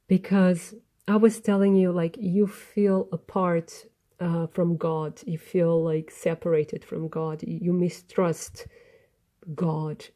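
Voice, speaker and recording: Mellow-voiced woman giving a tarot reading. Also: on the low side. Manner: gentle, earnest, meandering with restarts. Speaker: tarot reader. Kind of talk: spoken tarot reading to camera.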